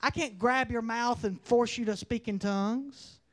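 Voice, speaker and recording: A man preaching a fiery revival sermon, swinging between loud bursts and slow, emphatic lines. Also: extremely high pitch.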